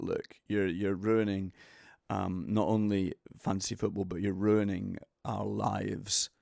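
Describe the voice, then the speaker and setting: A man doing an impression of a grumbling adult male sports star, speaking in a flat, low, deadpan monotone with a gravelly fry. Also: no echo, studio quality. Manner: deadpan complaining.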